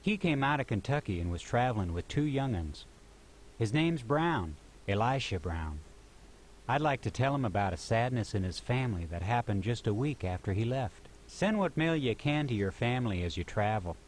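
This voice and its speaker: A man's voice: mid-range voice, animated, moderate pace, a little hiss or hum, close to an everyday voice. An actor playing a folksy frontier man in a game, asking travelers for news in country talk. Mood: inquiring.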